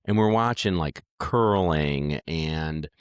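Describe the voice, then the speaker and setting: A man's voice: a bass voice, slow pace, clean tone, no room sound, clean studio sound. A dog trainer guesting on a podcast, chatting casually and acting out lines as he tells stories. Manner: animated storyteller, acts out lines. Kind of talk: casual interview chat.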